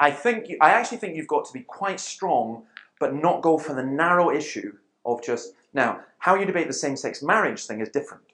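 Man telling lively anecdotes. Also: mid-range voice. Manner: animated storyteller, acts out quoted voices. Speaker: Christian speaker. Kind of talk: conversational talk with anecdotes.

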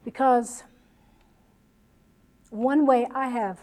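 A woman's voice: on the high side, fairly even intonation, drawn-out words, dark tone. An American woman preaching a sermon to a congregation, earnest and emotional, with chatty asides. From United States.

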